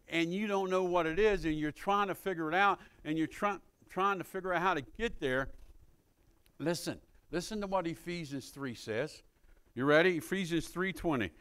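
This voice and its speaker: A man preaching a sermon in a folksy, informal way, repeating phrases and building to fervent call-and-response shouts. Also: fairly high pitch, smooth.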